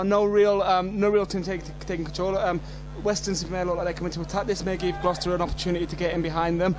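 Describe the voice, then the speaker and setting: A man adds analysis beside the main commentator at an outdoor football ground. He talks fast in a high voice. He hesitates often with "um" as he gives his view. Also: level tone. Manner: quick, hesitant opinions with many ums. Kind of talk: match analysis on club radio.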